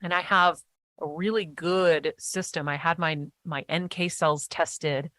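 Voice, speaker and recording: A woman guest in a casual interview chat, talking eagerly in animated bursts with quick restarts. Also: fairly low pitch, dry recording.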